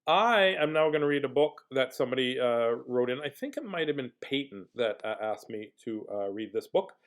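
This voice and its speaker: Middle-aged man, goofy children's entertainer, mid-pitched, silly read-aloud storyteller who laughs a lot. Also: normal speed. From Manitoba, Canada. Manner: silly, animated, laughs often.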